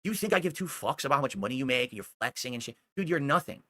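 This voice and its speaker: Fast, sharp-voiced man ranting angrily. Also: mid-range voice, animated, dry recording. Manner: heated, scolding, profane, repeatedly asking "do you understand". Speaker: streamer. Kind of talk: angry ranting monologue.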